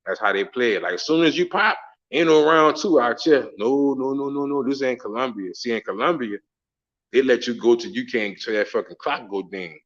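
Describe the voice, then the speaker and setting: A man's voice: mid-range voice, lively intonation, moderate pace, fairly bright tone. Profane man talking to camera, lo-fi. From Southern United States. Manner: profane, slangy, laughing storyteller. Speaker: travel vlogger. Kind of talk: casual monologue to camera.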